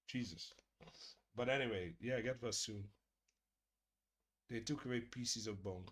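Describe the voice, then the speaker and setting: A middle-aged man hosting a casual live stream, chatting with viewers in a joking, profane way and murmuring softly to his cat. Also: on the low side, a little slow, pauses often. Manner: profane, joking, addresses chat directly; drops to soft murmurs talking to his cat. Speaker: streamer hosting a creator hangout.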